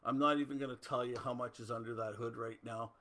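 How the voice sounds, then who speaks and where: Chatty Canadian man with a bright voice. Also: mid-range voice, steady tone, fast talker. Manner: chatty, rambling, reads out viewer comments. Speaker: host. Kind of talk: casual livestream chat.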